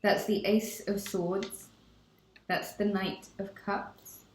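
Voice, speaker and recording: Slow, gushing woman reading tarot. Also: mid-range voice, little pitch movement, a little hiss or hum. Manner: effusive, gushing, repeats affirmations. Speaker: tarot reader. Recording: echoey room.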